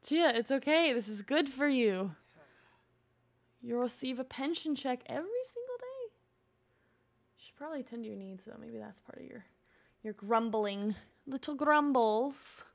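A woman's voice: high-pitched, lively intonation, unhurried, gravelly, long pauses. A young woman streaming a life-simulation game, chatting casually with viewers and talking to her game characters. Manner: chatty, talks to game characters and chat, frequent laughs. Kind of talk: casual gameplay commentary.

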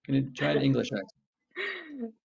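A man leads a webinar as a therapist, coaching his listeners through an exercise with steady encouragement. His voice carries a gravelly rasp, and the audio is dull and lo-fi, as from a video call. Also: fairly high pitch, a little slow.

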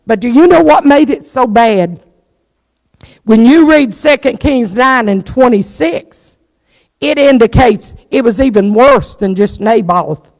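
High-voiced woman preaching fervently. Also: a little mellow. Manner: fervent storytelling preacher who acts out the story's characters. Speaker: pastor. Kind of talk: sermon. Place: church. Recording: reverberant church sanctuary.

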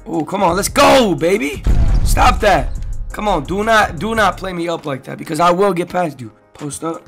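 A young man giving excitable gameplay commentary as a gaming YouTuber, often shouting at the game. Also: high-pitched.

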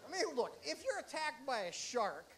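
Middle-aged male stand-up, high-pitched voice, animated storytelling, faint room ambience. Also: moderate pace, a little hiss or hum. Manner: animated, mock-excited storytelling. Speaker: stand-up comedian. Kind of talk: stand-up comedy set.

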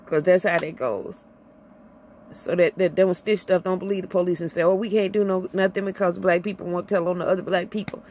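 A middle-aged woman from Illinois vlogging an impassioned personal rant, emotional and near tears, her voice swinging from high to low as she repeats herself. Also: fairly even intonation, a little fast, darkish tone, a little hiss or hum.

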